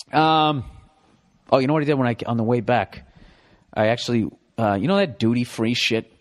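A middle-aged man with a Boston accent, hosting a podcast with a profane, animated comedic ramble. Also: mid-range voice. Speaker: podcast host.

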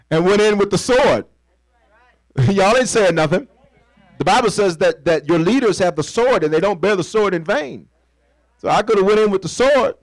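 Man, pastor, sermon, call-and-response, slightly high voice, dry sound. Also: no room sound, rough recording. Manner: call-and-response preaching, asks the congregation to fill in words; conversational, playful, acts out little scenes.

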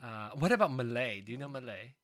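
A host chatting casually, laughing often and trailing off quietly. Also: male voice, mid-range voice, expressive, quick pace, dry recording, clean studio sound. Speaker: podcast host. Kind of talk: casual chat.

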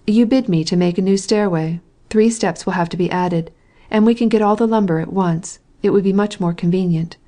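A woman's voice: mid-range voice, fairly quick, warm tone, close to an everyday voice. A woman reading the lines of a stubborn male carpenter, in an obstinate, persuasive way. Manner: obstinate, wheedling.

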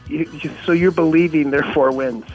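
Male guest, firm and brisk, slightly high, music under. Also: steady tone, highs cut off. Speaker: guest picker. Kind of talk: casual sports chat.

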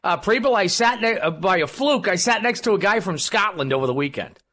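Combative talk radio host, high voice. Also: male voice, lively intonation, brisk, a bit bright. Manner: rambling, combative, many fillers. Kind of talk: political talk radio commentary.

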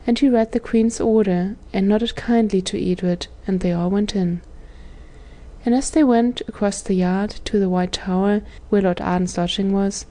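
A woman reading a children's story aloud as scripted narration, giving the characters gentle voices. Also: medium pitch. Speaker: audiobook narrator.

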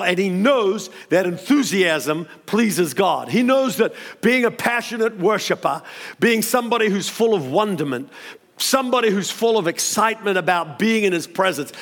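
A man preaching a storytelling sermon, animated and acting out the characters with sudden high exclamations. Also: normal speed. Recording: long hall reverb.

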